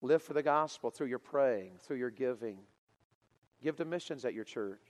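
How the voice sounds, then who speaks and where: A pastor telling a story in a sermon to teenagers, getting louder and more excited as he goes. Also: mid-range voice, moderate pace, big-room sound. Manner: animated, builds to loud excited preaching.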